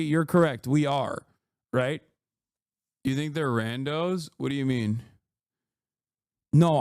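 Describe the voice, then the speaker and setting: A man's voice: a little mellow, smooth, dry recording, studio quality. A man streaming live and reacting to the news in an angry, profane, lecturing rant. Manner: angry, profane and lecturing, voice rising high when heated.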